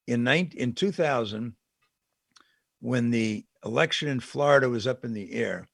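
A man talking politics in a conversational way, indignant and emphatic. His voice sits at an ordinary middle pitch. The sound is dry and close, with no room echo. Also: gravelly. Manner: indignant and emphatic, with sarcastic asides. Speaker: political commentator.

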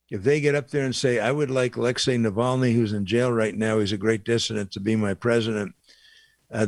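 A man's voice: mid-range voice, dry recording. An older man giving a blunt, indignant opinion monologue, rambling with fillers and asides. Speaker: commentator.

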